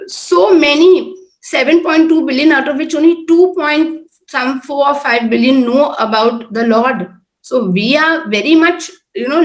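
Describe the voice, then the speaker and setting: Woman, middle-aged, informal sermon, earnest, fairly high pitch, roomy echo. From Oman-based, Indian. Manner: earnest, conversational, repeats tag questions. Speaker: prayer group speaker. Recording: echoey room.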